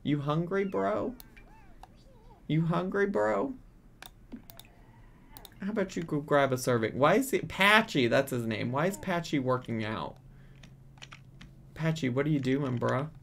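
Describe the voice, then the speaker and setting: A man's voice: medium pitch, animated, normal speed, gravelly, a bit bright. A man hosting a casual let's-play from his apartment, chatting playfully and bossing his game characters around. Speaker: gaming channel host. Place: home apartment.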